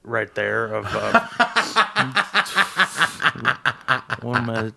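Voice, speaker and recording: Brief: podcast co-host, man, gravelly and sharp-toned, low voice, rambling. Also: extremely slow. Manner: rambling, crude, joking. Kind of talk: casual chat.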